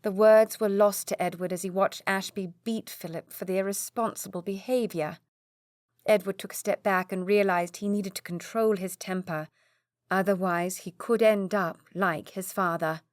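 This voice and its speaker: A woman narrating a historical romance audiobook with steady storytelling. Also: mid-range voice, moderate pace, dry recording, clean studio sound. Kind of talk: scripted narration.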